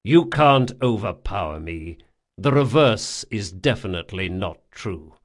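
A man voicing a big, strong, loyal male thief who speaks in a measured, firm way in an audiobook. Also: fairly low pitch, animated. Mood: controlled firm. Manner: measured and firm, bursting into roars. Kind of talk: audiobook character voice.

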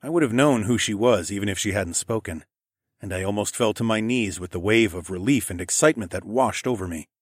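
Low-voiced male audiobook narrator. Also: husky, no echo, studio quality. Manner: steady, measured storytelling. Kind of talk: first-person audiobook narration.

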